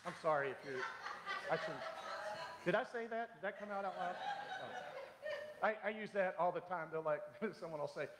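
Animated male pastor preaching in an echoey hall. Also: high voice, normal speed, pauses often, very noisy. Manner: animated, humorous, acts out quoted voices. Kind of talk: sermon. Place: church sanctuary.

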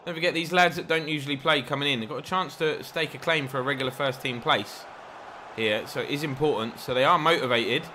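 A young man giving excitable, jokey commentary over his own football video game as a gaming YouTuber. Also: fairly high pitch, fast, noisy background. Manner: excitable, mock match commentary with jokey asides.

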